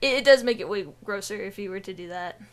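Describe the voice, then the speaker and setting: A woman's voice: medium pitch, fast. A woman co-hosting a casual gaming podcast, rambling with restarts, laughter and swearing. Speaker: podcast co-host.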